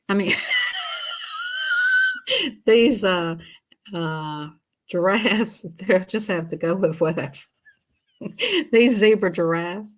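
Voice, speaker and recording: Brief: woman streamer, chatty and giggly, mid-pitched, talks to her chat. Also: a bit bright. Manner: chatty, laughs often, greets viewers. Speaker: livestream host. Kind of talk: casual livestream chat while coloring.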